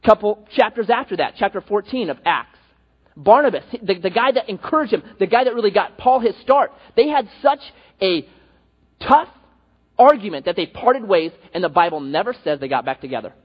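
Brief: husky, high-voiced male preacher, animated storytelling sermon; reverberant hall, lo-fi. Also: normal speed. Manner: animated storytelling with acted-out quotes. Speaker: pastor. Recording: echoey hall, dull lo-fi.

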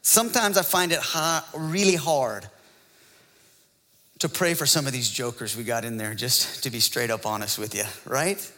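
Joking, bright-voiced male pastor in a hall. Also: mid-range voice, moderate pace. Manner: joking, conversational preaching with frequent laughs. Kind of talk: sermon.

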